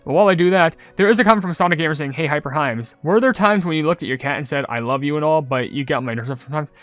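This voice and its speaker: A young man casually commenting on his gameplay and reading viewer comments, chatty and rambling, getting loudly excited over loot. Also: a little high, very fast, dry recording. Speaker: gaming channel host.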